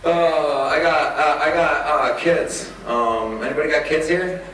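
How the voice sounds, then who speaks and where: A man in his thirties telling comedic stories on a convention panel, animated and laughing often, swearing freely. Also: on the high side, measured pace, a little hiss or hum. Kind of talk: casual comedic storytelling. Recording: echoey room from far off.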